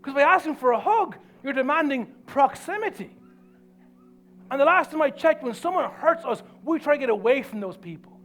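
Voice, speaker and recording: A pastor delivers an earnest sermon in a strikingly high voice for a man. He preaches emphatically and drops to soft, low lines to make his points land.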